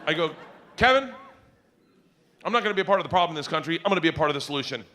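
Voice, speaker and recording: A middle-aged man telling wild comic stories in a loud, rowdy way, often laughing and acting out other people's voices. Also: fairly high pitch, rapid-fire, a little hiss or hum. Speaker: comedian. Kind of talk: stand-up and podcast storytelling.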